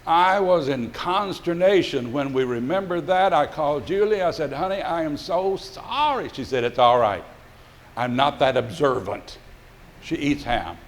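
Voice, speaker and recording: A man's voice: mid-range voice, expressive, normal speed. An older male pastor telling a folksy, rambling story in a sermon, with many fillers and restarts.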